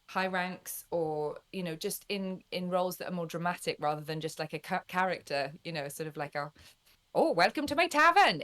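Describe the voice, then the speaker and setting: A woman from Wales, a guest voice actress, chatting warmly in an interview. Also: lowish voice. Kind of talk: casual interview chat.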